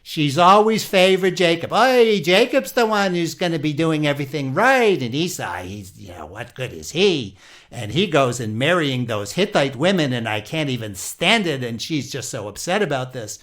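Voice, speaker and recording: Here the interviewee is again a man voicing the elderly patriarch Isaac, airing grievances with a Yiddish-inflected accent and old-world exclamations in an improvised comedy interview. He sounds fairly high and sing-song, a bit bright, at normal speed.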